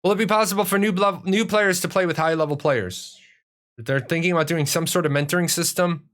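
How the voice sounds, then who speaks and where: A man's voice: a little high, a little fast, a bit bright. A man from Ireland hosting a casual live-stream Q&A, answering viewer questions in a profane, rambling way with many restarts.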